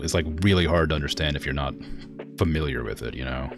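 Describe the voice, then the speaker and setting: A man from the United States chatting casually on a gaming livestream, talking in a relaxed, loose way that slurs his words. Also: a bass voice, quick pace, gravelly, music in the background. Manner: relaxed, slurred, loose speech. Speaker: streamer.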